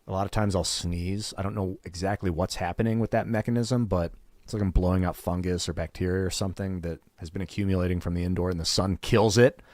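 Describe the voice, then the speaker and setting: A man's voice: deep voice, steady tone, quick pace, a little mellow, no room sound. A man hosting a gaming stream, chatting casually and candidly, swearing freely and acting out what other people said. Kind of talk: casual rambling chat.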